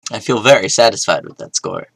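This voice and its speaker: A young man giving casual gameplay commentary, mostly mumbling to himself with sudden loud outbursts. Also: lowish voice, brisk, vocal fry, dry recording, poor audio. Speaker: gaming YouTuber.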